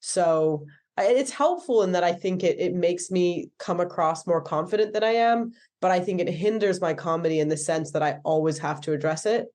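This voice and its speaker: Woman comedian in her thirties, American accent, talks quickly in loose asides. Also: on the low side, a little mellow. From England. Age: 30s. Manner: chatty, many "like"s and self-corrections. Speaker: stand-up comedian. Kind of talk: casual interview chat.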